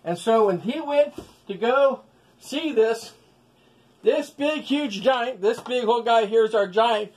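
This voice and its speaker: A man's voice: very high voice, takes it slowly. A man telling a Bible story as a children's lesson with stuffed animals, folksy and full of sound effects. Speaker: storyteller teaching children's values.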